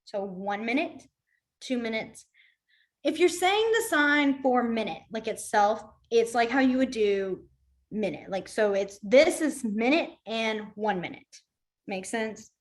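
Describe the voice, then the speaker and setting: Friendly young female teacher, chatty, a touch high-pitched, casual class delivery. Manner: chatty, laughs often, quick asides. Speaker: sign language teacher. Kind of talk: casual online class instruction.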